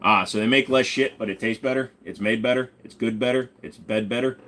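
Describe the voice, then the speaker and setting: A man's voice: medium pitch, fairly even intonation, brisk, a bit bright. A man hosting a casual ask-me-anything livestream, joking, swearing and reading chat while bidding on items. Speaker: streamer host.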